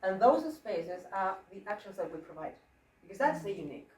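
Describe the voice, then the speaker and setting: A woman drama teacher leading a workshop, coaxing her group along with questions in an animated teaching manner. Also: mid-range voice, a little fast. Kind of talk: interactive teaching. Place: school hall. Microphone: room mic at a distance. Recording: echoey hall from far off.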